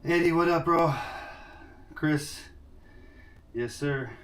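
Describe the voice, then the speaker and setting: A man's voice: fairly high pitch, slow pace, fairly bright tone. A man chatting casually to viewers on a live stream, rambling and greeting them by name, a bit out of breath. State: out of breath after push-ups. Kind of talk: casual IRL livestream chat. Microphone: camera mic without lapel mics. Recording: distant mic with faint noise.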